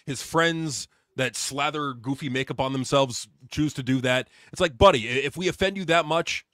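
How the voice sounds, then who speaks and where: A man's voice: mid-range voice, normal speed, few pauses, a bit bright, dry recording. A man co-hosting a casual podcast, ranting in a heated, profane way about wrestling. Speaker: podcast co-host.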